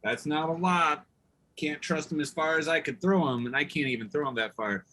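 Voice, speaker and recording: A man's voice: on the high side, moderate pace, sharp tone. A man playing a tabletop game, asking about rolls and cracking wry jokes. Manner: wry, joking. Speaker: player. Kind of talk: casual tabletop play. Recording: faint background noise.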